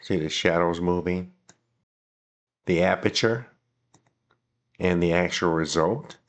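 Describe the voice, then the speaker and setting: A man hosting a software tutorial, talking casually and thinking aloud as he clicks through the program. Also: low voice, slow. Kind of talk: screen-recording software walkthrough.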